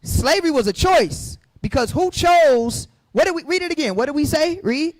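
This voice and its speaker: A man teaching from the Bible to a group, fiery and preachy, firing questions at the room and rising to shouts. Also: very high voice, expressive, normal speed, no room sound.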